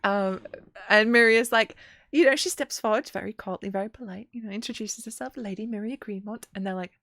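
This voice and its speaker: A woman's voice: medium pitch, no echo. A woman game master casually recapping a session, animatedly acting out the characters. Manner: animated, acts out characters in quick voices.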